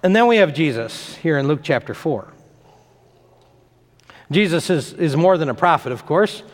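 Male pastor, somewhat high voice, animated and emphatic delivery, long church echo. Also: normal speed. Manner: emphatic, repeats phrases for effect. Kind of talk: sermon.

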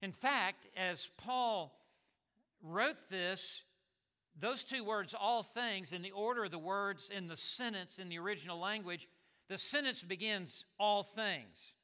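Emphatic high-voiced preacher in a hall. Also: male voice, a little slow, bright, forceful tone, clear, resonant tone. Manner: emphatic, repeats and stresses words, stammers on restarts. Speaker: pastor. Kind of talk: sermon. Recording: long reverb of a large hall.

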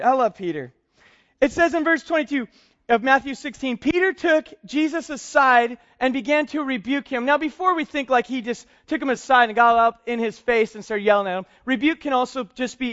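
High-voiced man preaching, dull lo-fi sound. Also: a bit bright. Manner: conversational, chuckling often. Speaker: pastor. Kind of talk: sermon.

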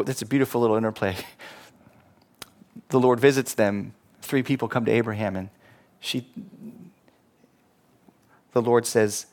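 A man preaching a sermon as pastor, animated, acting out quoted voices and laughing at himself. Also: mid-range voice.

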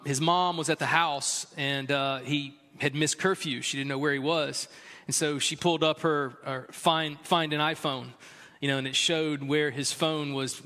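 A man's voice: a little high, sharp tone. A man preaching as a pastor and chaplain, telling a story candidly in a conversational way with many fillers. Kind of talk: sermon. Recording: long hall reverb.

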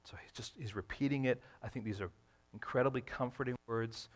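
A man's voice: medium pitch, a little fast. A man preaching a sermon, explaining scripture verse by verse and stretching out key phrases for emphasis. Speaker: pastor.

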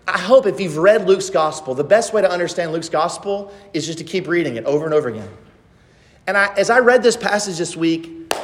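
A man preaching a sermon from the pulpit, pressing his listeners with emphatic rhetorical questions. His voice sits a little higher than most men's and rings out with a long reverb, as in a large church sanctuary. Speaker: pastor.

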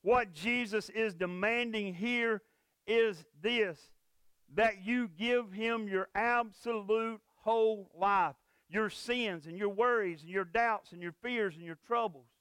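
A man delivers a sermon in a church with a high, smooth and resonant voice. He preaches emphatically, repeating key phrases for weight. The sound is close and dry, with little room echo. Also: slow pace, a bit bright. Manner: emphatic, repetitive preaching cadence. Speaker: pastor. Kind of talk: sermon with closing prayer.

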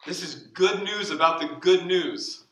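A man delivers a sermon from the pulpit, his voice bright and ringing, stretching key phrases slowly and then letting them fall away quietly. The sound carries through a roomy church, picked up from some distance. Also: sits high. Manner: slow deliberate emphasis, dropping to soft asides. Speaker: pastor. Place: church sanctuary.

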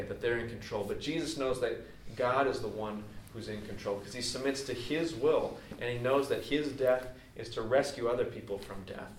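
A pastor preaching a sermon in a conversational, explaining way, with casual asides to the congregation. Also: male voice, medium pitch, slight background noise. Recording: echoey hall, distant mic.

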